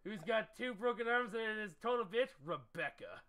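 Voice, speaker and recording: A man streaming a card game with friends, reading cards aloud, swearing and laughing loudly. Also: sits high, lively intonation, moderate pace, a little hiss or hum. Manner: loud, laughing, swears a lot. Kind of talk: casual game chat.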